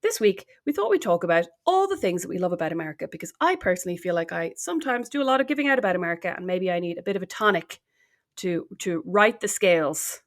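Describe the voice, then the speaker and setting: A woman's voice: fairly low pitch, lively intonation, fast talker. Teasing Irish woman co-hosting a podcast. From Ireland. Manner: teasing and wry. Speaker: podcast co-host. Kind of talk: casual chat.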